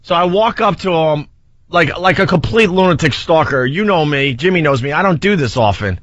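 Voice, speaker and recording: Animated man in his forties telling a story. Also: a little high, fairly quick, dry recording. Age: 40s. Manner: animated, self-mocking anecdote telling. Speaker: radio show host. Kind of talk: casual radio storytelling. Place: radio studio. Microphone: studio microphone. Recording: slightly dull, dry radio broadcast audio.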